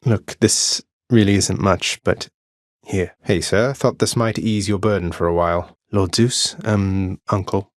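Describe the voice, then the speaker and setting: An actor playing an earnest, wry young prince of the underworld in a video game, polite with dry teasing, recorded in a studio booth. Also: male voice, deep voice, steady tone, measured pace, dry recording. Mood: grateful.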